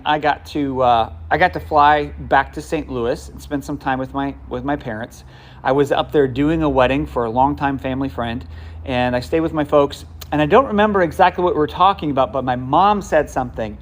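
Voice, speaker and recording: Casual preaching man, slightly high voice. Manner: conversational, with many restarts and asides. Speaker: pastor. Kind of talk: sermon.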